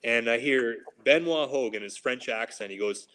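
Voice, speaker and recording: A former hockey player in his forties telling animated, casual stories on a podcast and acting out what his coaches said. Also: medium pitch, normal speed, rough recording. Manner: animated anecdotes, laughing, quoting coaches. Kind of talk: casual storytelling.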